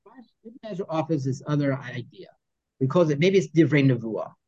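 A man's voice: fairly high pitch, expressive, a little fast, warm tone, breathy edge. A man teaching a text study class, reading Hebrew phrases and explaining them in English with joking asides. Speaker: Torah teacher. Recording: dull lo-fi sound.

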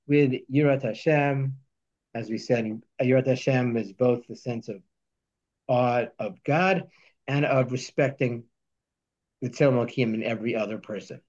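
Guy teaching a text lesson, reads verses slow then explains, kinda muffled recording. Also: medium pitch, darkish tone. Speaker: Torah teacher.

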